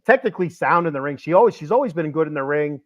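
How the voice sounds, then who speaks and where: A man's voice: a little high, quick pace. Eager man with a dull lo-fi sound. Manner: excited, repeats words when worked up. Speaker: podcast co-host. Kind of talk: casual wrestling chat.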